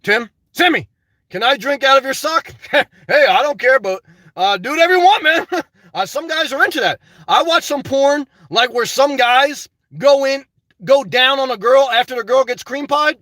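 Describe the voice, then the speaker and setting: An older man with a very high, bright voice chats on a live stream, answering viewers one by one. He talks bluntly and unfiltered, with plenty of swearing, and the sound is close and dry with no room echo. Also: expressive, moderate pace. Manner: keeps answering viewers by name. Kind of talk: casual live-stream chat, reading viewer comments.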